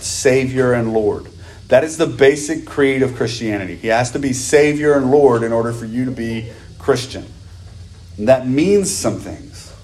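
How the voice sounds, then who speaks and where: A man preaching a sermon as pastor, stressing words through repetition and slowing down for scripture. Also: medium pitch, a little mellow, slight background noise. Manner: repeats phrases for emphasis, slows to stress scripture; asks the congregation questions.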